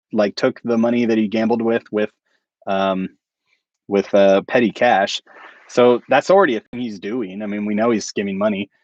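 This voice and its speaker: A man's voice: fairly low pitch, a little mellow, dry recording, muffled recording. A man hosting a casual livestream and chatting with viewers. He rambles and chuckles at his own jokes. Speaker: channel host.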